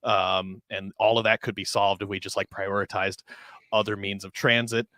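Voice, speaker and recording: A man's voice: on the low side, little pitch movement, normal speed, sharp tone, dry recording. Sarcastic, ranting man on a dry mic. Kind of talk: casual podcast chat.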